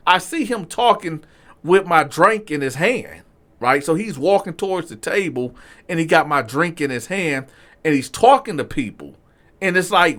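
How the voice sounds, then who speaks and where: A male host tells a story casually to his viewers. His voice sits a little high. He talks in an animated, profane way and keeps breaking off to address his audience.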